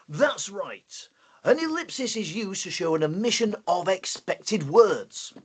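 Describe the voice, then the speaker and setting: A man with a Yorkshire accent presenting a playful, excitable live online lesson for primary school children. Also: high-pitched, a little slow, slightly rough.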